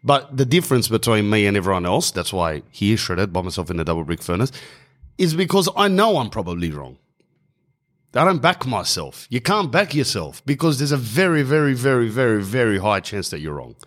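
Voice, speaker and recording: A man's voice: on the low side, big pitch swings, a little fast, a bit bright. A man with an Australian accent ranting on his own podcast, opinionated and swearing, calling listeners bro, recorded in a small hot room. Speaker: podcast host. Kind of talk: casual solo podcast rant.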